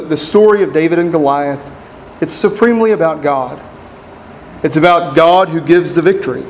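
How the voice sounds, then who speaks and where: A man around thirty preaching a sermon, measured and deliberate, repeating his outline points. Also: a little high, slight background noise, rough recording. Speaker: pastor.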